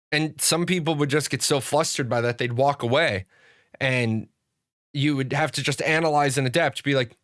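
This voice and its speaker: A man's voice: fairly high pitch, normal speed, a bit bright, dry recording, clean studio sound. A man hosting a gaming show in casual livestream chat, telling stories in a rambling way with many fillers and restarts.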